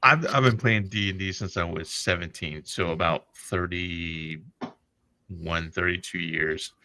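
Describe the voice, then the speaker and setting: A man in his forties spins crude, laughing anecdotes in a loose livestream chat. His voice is bright and forward, picked up dry and close with no room sound at all. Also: low-pitched, fairly even intonation, measured pace, no echo. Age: 40s. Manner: profane, laughing, vivid storyteller. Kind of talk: casual storytelling chat.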